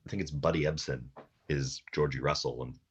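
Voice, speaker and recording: A man with a very deep, husky voice talks casually as a podcast guest. He rambles with plenty of fillers and laughs. He is on a call from his kitchen. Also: steady tone, a little fast, highs cut off. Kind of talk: casual chat. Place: home, talking from the kitchen. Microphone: table mic on a video call.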